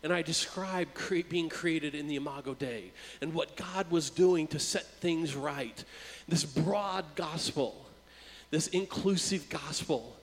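A male preacher telling a personal story in a casual, chatty sermon, his voice sitting a bit higher than most men's. He often stumbles over a repeated word before a phrase comes out. His voice rings out with a long reverb, as in a big hall. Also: slow. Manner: conversational, repeats words when starting a phrase. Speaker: youth worker and preacher.

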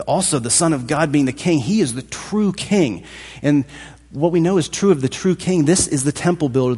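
A man preaching a sermon in a thoughtful, conversational way, with a husky voice. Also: medium pitch, darkish tone. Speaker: pastor. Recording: long hall reverb.

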